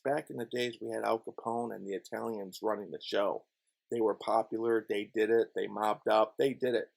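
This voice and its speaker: A man's voice: on the low side, fairly even intonation, normal speed, vocal fry. A man from Chicago on his YouTube channel, delivering a heated, profane, repetitive rant. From Chicago, USA. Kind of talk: ranting monologue vlog.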